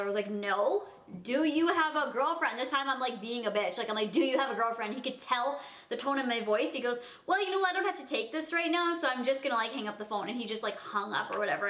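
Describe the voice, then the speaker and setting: Young woman vlogger, fairly high voice, chatty storytime delivery, roomy echo. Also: sharp tone. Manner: chatty, heavy use of "like", acts out dialogue. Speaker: vlogger telling a personal story. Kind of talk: casual storytime chat. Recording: echoey room.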